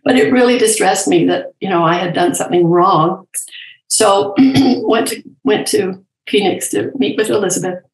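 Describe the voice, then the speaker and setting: Older woman, gentle reflective storyteller, roomy. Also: medium pitch, moderate pace. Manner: candid, gentle, anecdotal. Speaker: guest, palliative care nurse and professor.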